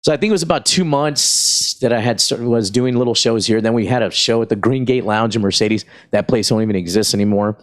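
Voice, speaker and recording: Man telling animated stand-up stories. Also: medium pitch, fairly quick, few pauses. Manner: animated storyteller, acts out voices, frequent fillers. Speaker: stand-up comedian, podcast guest. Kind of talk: casual storytelling chat.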